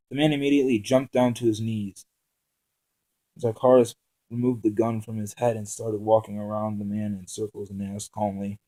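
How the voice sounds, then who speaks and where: Man haltingly reading his own story. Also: fairly low pitch, flat delivery, warm tone, rough recording. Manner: halting reading with frequent restarts and fillers.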